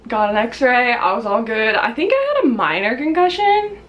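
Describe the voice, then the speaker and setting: Chatty young woman vlogger, higher voice. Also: fairly bright tone. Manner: chatty, lots of "like" fillers, acts out quotes in shrill high voices. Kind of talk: casual storytime.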